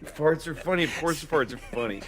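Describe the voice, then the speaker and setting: An actor playing a weary male headliner comic with a flat, plain delivery. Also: on the high side, moderate pace, lightly acted. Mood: resigned.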